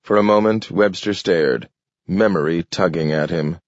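A man narrating a science fiction story in a measured, even way. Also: low-pitched, no room sound. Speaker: audiobook narrator. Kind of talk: scripted narration. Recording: dull lo-fi dry recording.

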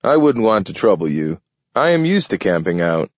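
An easygoing, friendly grown man with a lively, rising and falling voice, as a male narrator reads him. The audiobook recording is dull and lo-fi, with no room sound. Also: lowish voice, normal speed, dry recording. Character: easygoing adult man, a census taker.

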